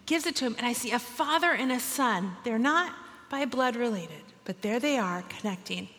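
A woman tells a story to an audience in a lively way, putting on the voices of the people in it. She is emotional and near tears at the moving parts. Her voice carries the long reverb of a large hall. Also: a little high, normal speed. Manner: emotional, tearful at moving moments.

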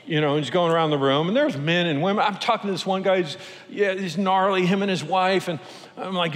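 A pastor preaching a sermon, telling a personal story with animated, self-deprecating humor. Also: male voice, high voice, fairly quick. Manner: animated, self-deprecating, acts out quoted voices. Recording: long hall reverb.

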